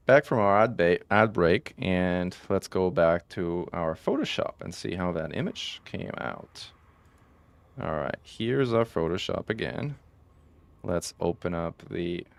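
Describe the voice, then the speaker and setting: This male game streamer speaks in a low, expressive, creaky voice at a measured pace, and the recording is dry. He rambles loosely with his live-stream audience, often fixing what he just said and filling gaps with "um" and "like."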